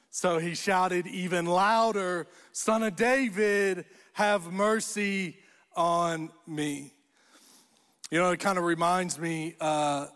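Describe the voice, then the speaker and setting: Man, pastor preaching, high voice, slow, long church echo. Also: fairly bright tone. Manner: storytelling, rises to emphatic repeated phrases. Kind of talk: sermon. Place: church auditorium.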